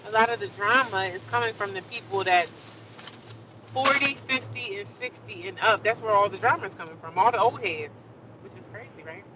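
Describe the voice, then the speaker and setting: A woman livestreaming outdoors in the city, chatting casually and sassily with her viewers and laughing often. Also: mid-range voice. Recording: dull lo-fi phone audio with loud street noise.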